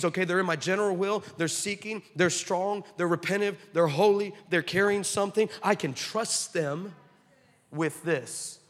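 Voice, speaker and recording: A man preaching a sermon, telling stories with humorous asides and animated delivery. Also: sits high. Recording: long hall reverb.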